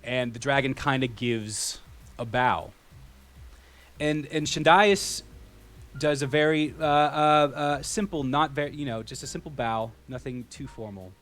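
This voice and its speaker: A man narrating a tabletop game as game master, describing scenes in detail and often pausing with fillers. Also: mid-range voice, a bit bright, faint music behind. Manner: descriptive with frequent fillers and restarts.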